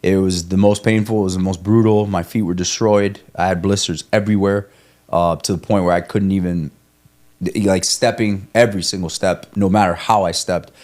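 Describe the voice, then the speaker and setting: Low-voiced man telling a rambling, profane story. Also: fairly even intonation, moderate pace, a little mellow. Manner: rambling, profane, self-coaching, frequent restarts. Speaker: guest, ultramarathon runner. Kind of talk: candid conversational podcast talk.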